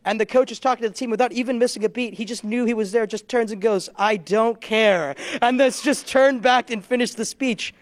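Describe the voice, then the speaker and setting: A man's voice: extremely high pitch, steady tone, quick pace, few pauses, dry recording. A young man performing a stand-up comedy set, telling rambling, self-deprecating stories and laughing along. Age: young adult. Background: audience laughter.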